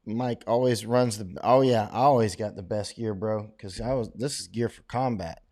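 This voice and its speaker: A man's voice: lowish voice, moderate pace, a little mellow. A middle-aged man hosting a casual livestream, reading out viewer questions and giving rambling, opinionated answers with frequent restarts.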